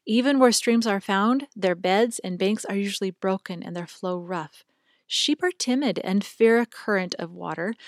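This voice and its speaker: Woman, book reading, calm, measured, reverent, medium pitch, dry close recording. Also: no room sound. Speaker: reader.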